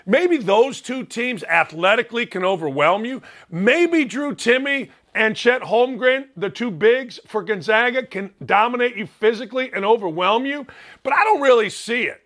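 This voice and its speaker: A man's voice: extremely high pitch, lively intonation, moderate pace, fairly bright tone. Blunt, fired-up Chicago-accented man. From Northwest Indiana. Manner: blunt, fired-up, rambling, self-mocking. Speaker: sports radio host. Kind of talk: solo sports talk monologue.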